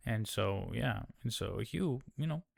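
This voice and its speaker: A man's voice: medium pitch, animated, measured pace, gravelly. A man giving a casual TV episode recap, rambling and swearing with plenty of fillers. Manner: rambling, profane, many fillers. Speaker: recap host.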